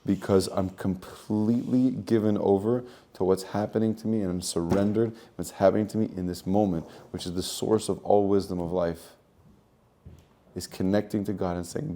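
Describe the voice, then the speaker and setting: A man's voice: deep voice, fairly even intonation, moderate pace, mellow. A man coaching on spiritual growth in an earnest teaching monologue, repeating phrases and using Hebrew terms.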